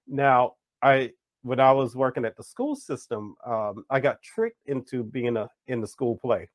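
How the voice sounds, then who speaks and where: A man hosting a podcast interview, telling stories in an animated, chatty way. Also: mid-range voice, unhurried, dry recording. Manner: animated storyteller, acts out quoted voices. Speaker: podcast host. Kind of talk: casual conversational interview.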